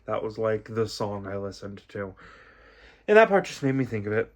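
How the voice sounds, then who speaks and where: A young man hosting a music reaction video, talking in a soft, reflective way and rambling with many fillers. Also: fairly low pitch, very animated, normal speed. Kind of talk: casual reaction commentary.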